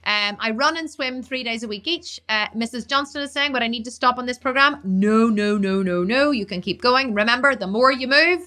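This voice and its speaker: A woman fitness coach answering viewer questions on a live stream, talking fast, blunt and emphatic. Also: a little high, bright, forceful tone.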